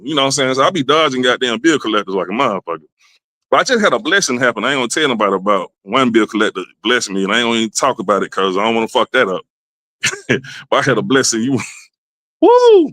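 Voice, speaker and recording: A man hosting a comedy podcast with a loud, rowdy monologue, dropping to low mutters and jumping to high exclamations. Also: no room sound. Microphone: desk mic, livestream.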